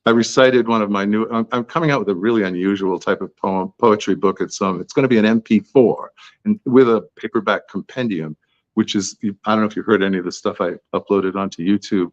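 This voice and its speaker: Low-voiced guy rambling on about his books, dry dull lo-fi sound. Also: steady tone, a little fast, dry recording. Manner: chatty, tangential, self-deprecating. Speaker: author guest. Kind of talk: podcast interview answers.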